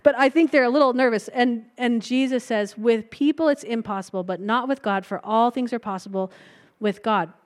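A woman's voice: fairly high pitch, normal speed. A woman preaching a sermon in a conversational way, retelling a Bible story and breaking into light laughs between points.

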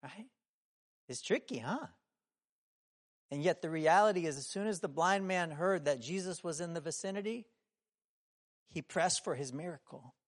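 A man with a notably high voice delivers a sermon in a relaxed, conversational way. He keeps asking his listeners questions and acts out the people in his story, sometimes raising his voice to a shout. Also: moderate pace, long pauses. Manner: conversational, asks the room many questions. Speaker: preacher.

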